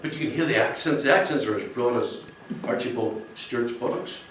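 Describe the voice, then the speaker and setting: Heavy background noise surrounds this man's mid-range voice as he speaks at normal speed to a function-room crowd. He's the book's cover artist, giving a jokey, wandering launch speech and laughing at his own humor. The mic sits far off in an echoey room.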